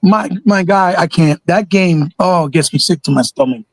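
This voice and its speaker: A man's voice: sits high, moderate pace, no echo, poor audio. A man co-hosting a casual gaming chat, ranting and swearing in exasperation. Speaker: podcast co-host.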